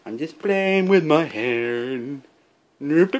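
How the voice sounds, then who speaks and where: A man's voice: on the high side, animated, drawn-out words. A man filming a home video, talking to a cat in a coaxing, sing-song baby-talk voice. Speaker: cat owner filming his cat.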